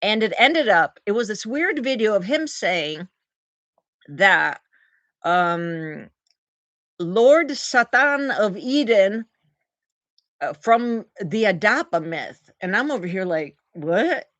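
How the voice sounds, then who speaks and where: Animated woman chatting on a live stream. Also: mid-range voice, slow pace, no echo. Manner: animated storyteller, acts out quotes in big voices. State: recovering from oral surgery. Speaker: livestreamer thanking viewers for gifts. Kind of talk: casual live-stream chat.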